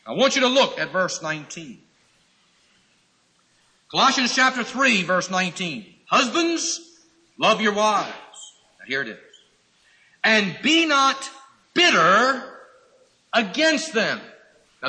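High, lively preacher in an echoey hall. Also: male voice, takes it slowly, pauses often. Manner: emphatic, rhetorical questions, mimics irritated husbands. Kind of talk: sermon. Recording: echoey hall reverb, cassette recording.

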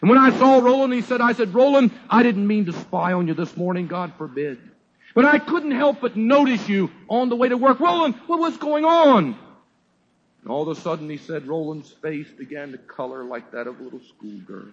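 A male preacher delivering a sermon at a church service, telling a story dramatically and swinging from loud exclaims to hushed words. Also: high voice, animated, normal speed. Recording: dull lo-fi sermon recording.

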